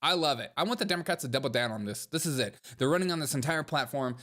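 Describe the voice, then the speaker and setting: A man hosting a casual livestream, reacting to comments and clips in a sarcastic, mocking and animated way. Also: a little high, fast, few pauses.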